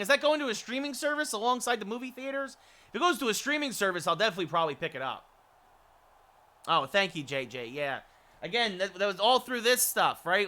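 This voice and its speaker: A man chatting with his livestream viewers while calling hockey play-by-play in a video game. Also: sits high. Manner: chatty, switching to excited hockey play-by-play calls. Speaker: streamer. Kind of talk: livestream gaming chat with play-by-play.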